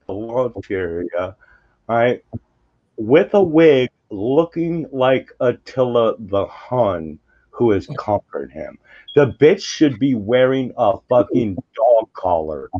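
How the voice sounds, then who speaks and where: A man's voice: mid-range voice, very animated, takes it slowly, dry recording, dull audio. A man in casual group chat, reacting to a livestream with blunt, crude and vivid mocking commentary.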